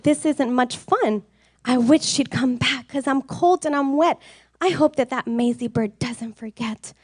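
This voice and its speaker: A woman voicing a faithful, gentle male elephant in a storybook reading, speaking steadily and earnestly. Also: high voice, measured pace, dry recording, clean studio sound. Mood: grumbling.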